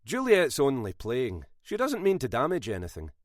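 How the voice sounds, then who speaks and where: A man's voice: mid-range voice, huge pitch swings, moderate pace, no room sound, studio quality. A male narrator voicing a mild-mannered male police detective who keeps apologising. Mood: easygoing.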